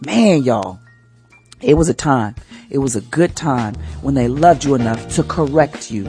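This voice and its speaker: A woman's voice: rumbling low, lively intonation, unhurried, warm tone, faint music behind. A woman who hosts a morning radio show, giving an inspirational talk as a church first lady in a colloquial, exhorting way.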